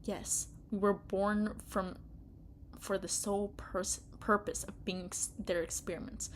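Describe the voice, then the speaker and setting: Woman reading as a troubled young man, hushed. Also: medium pitch, little pitch movement, a little hiss or hum, voice pushed down, close to an everyday voice. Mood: subdued. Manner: quiet, subdued, halting. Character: troubled young man recalling lab experiments.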